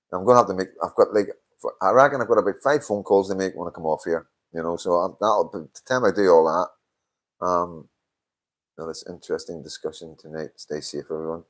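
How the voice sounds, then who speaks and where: Low-voiced, tired man. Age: older. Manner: swears a lot, tired and yawning. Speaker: livestream host. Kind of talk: casual live-stream chat reading comments.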